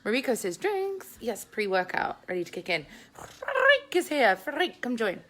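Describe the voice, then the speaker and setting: With faint music in the background, an English woman chats through a live Q&A from home with her family, reading viewer comments aloud into a phone held in her hand. She's very animated, speaking at a moderate pace in a mid-range, fairly bright voice.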